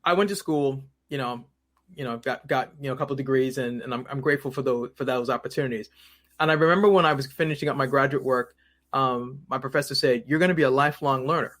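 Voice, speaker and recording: A man's voice: mid-range voice, fast talker. A man as an interview guest, talking casually and acting out the voices of people in his stories, often repeating words as he goes. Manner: animated storyteller who acts out quoted voices, repeats words.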